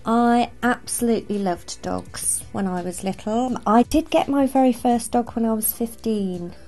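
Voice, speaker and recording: A woman from England answers interview questions in an animated storytelling way. Her voice is dark and mellow with a gravelly edge. Faint music plays underneath. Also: on the high side, measured pace. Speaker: dog trainer interviewed as guest. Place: outdoors by a river.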